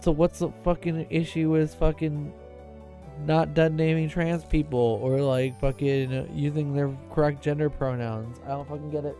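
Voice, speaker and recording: A young man streaming live, chatting casually and swearing while reading a visual novel, with excitable, repetitive rants. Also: a little high, unhurried, faint music behind.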